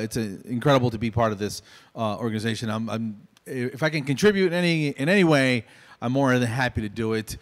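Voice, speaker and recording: A middle-aged man performing a stand-up comedy set on stage in a conversational, self-deprecating way. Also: mid-range voice. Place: stage at a small venue.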